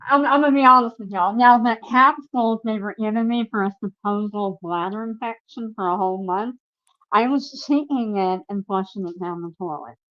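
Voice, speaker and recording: A woman's voice: mid-range voice, moderate pace, highs cut off. A woman guest giving personal testimony in an interview, earnest and emphatic, speaking straight to the viewers.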